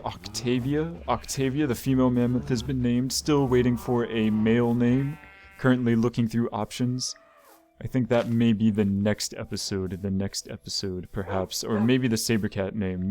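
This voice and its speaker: A man's voice: medium pitch, darkish tone. A man hosting a gaming video, talking through his play in rambling commentary and often repeating words as he thinks aloud.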